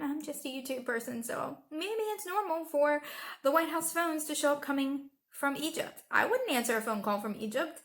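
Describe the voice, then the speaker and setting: A high-pitched woman's voice talks straight to her viewers in a loose, chatty commentary. She is sarcastic and exasperated, and she throws pointed asides at the person she is discussing. Her delivery is casual and conversational. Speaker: YouTube commentator.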